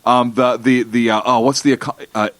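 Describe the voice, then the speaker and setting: A man co-hosting a talk radio show, arguing emphatically and slowly about principles, often restarting his sentences. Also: medium pitch, little pitch movement, dry recording. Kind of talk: political talk radio discussion. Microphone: studio microphone.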